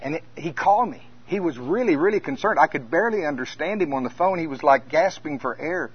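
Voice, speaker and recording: A man preaching at a conference as a minister, telling stories that swing between hushed and loud. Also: fairly high pitch, animated, brisk, breathy edge. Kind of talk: conference sermon. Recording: dull lo-fi sound.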